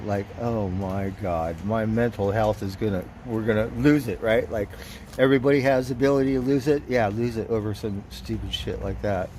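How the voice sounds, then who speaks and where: A man's voice: on the low side, a little hiss or hum. A man livestreaming outdoors, telling a story in a casual, profane way, chuckling as he goes. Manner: profane, chuckling, animated retelling.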